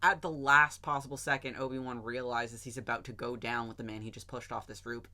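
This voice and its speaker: A woman co-hosting a podcast, rambling through a film plot in casual, animated chat and swearing now and then. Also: extremely low pitch, fairly quick. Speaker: podcast co-host.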